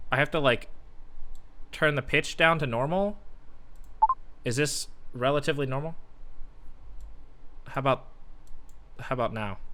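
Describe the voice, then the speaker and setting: A man live-streaming from home, muttering and swearing as he troubleshoots his mic and voice software. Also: mid-range voice. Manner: muttering, swearing while fixing audio setup. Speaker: game streamer. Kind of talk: casual live-stream chat. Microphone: desk microphone with voice software.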